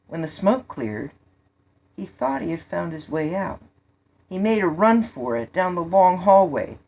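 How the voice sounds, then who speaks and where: A woman reading a children's story aloud in a steady, unhurried way. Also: sits low. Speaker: reader.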